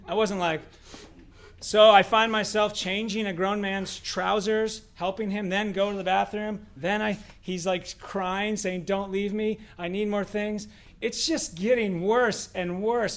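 High-voiced man telling a story. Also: measured pace. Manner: animated storyteller, rhetorical questions. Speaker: co-host. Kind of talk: casual faith discussion.

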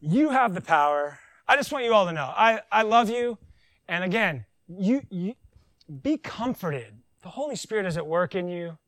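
A man preaching a conversational sermon, joking and animated, with silly voices in his asides. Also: sits high, normal speed, no echo, rough recording. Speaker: pastor.

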